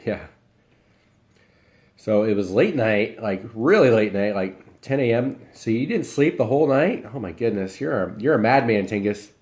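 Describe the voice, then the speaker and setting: A young man from Iowa chats casually with his live stream viewers while eating, answering their comments in a relaxed, rambling way. His voice is fairly low and moderately paced.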